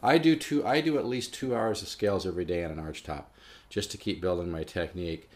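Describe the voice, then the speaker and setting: A man's voice: low-pitched, a little fast. A man giving a casual guitar lesson, rambling with restarts and stressing his points. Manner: rambling, restarts, emphatic about practice. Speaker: guitar teacher. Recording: faint guitar playing behind.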